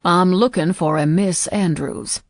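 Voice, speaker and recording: A woman voicing a tall, sweaty businessman with a Southern accent, speaking politely and deliberately. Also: lowish voice, no echo, studio quality, lightly acted.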